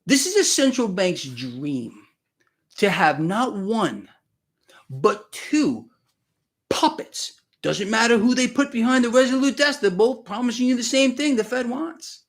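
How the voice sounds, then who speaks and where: A man's voice: very high-pitched, sing-song, measured pace. A man hosting a live stream from his home, talking emphatically to viewers, repeating phrases and calling them "man". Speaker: market commentator host. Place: home in Florida.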